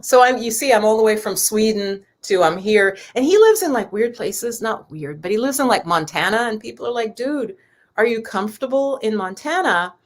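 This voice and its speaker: Chatty woman hosting a live stream. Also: fairly high pitch. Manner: chatty and rambling, talks straight to the viewers. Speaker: spiritual teacher and yoga host. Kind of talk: casual live-stream chat with viewers.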